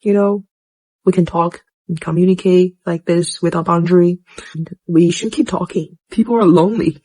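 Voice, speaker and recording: A young woman from China, talking earnestly and warmly straight to the camera in casual chat. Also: on the low side, moderate pace, poor audio. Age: young adult. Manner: earnest and warm, with lively quoted voices. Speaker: social media commentator.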